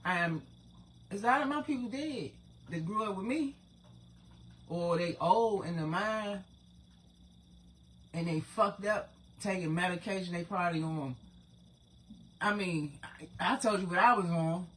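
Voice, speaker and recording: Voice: mid-range voice, measured pace, long pauses, fairly bright tone, slight background noise. A person in their forties, hosting their own channel, talking to viewers in a casual, profane, rambling spiritual monologue. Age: 40s. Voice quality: profane, rambling, streetwise talk.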